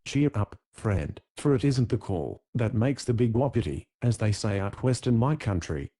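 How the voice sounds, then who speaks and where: A genial American businessman who chats folksily and cordially, as a male audiobook narrator puts him on. He speaks with an American accent and a relaxed drawl. The tone is mellow and warm. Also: lowish voice, normal speed. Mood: folksy.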